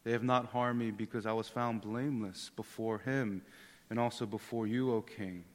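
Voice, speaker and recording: A man in his thirties, a pastor preaching a sermon in a relaxed, joking, conversational way that often repeats words. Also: lowish voice, normal speed. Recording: long hall reverb.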